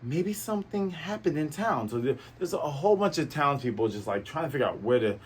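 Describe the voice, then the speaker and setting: A man's voice: fairly high pitch, very animated, brisk, husky. A man hosting a casual comic chapter review, rambling and playful, speaking to his viewers. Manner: rambling and playful, full of fillers and asides to viewers. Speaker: host of a manga review channel.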